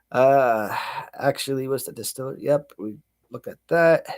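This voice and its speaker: A man's voice: mid-range voice, slow, darkish tone. A man in his thirties hosting a casual livestream, rambling and laughing at himself between stories. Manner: rambling, self-mocking, laughs often, many restarts. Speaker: channel host.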